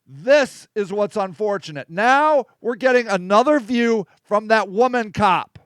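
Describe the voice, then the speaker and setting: A man delivers an angry commentary over a video, his voice sitting very high for a man. He speaks with indignant, profane emphasis. The sound is close and dry, with almost no room echo. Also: expressive, a little slow, clear, resonant tone.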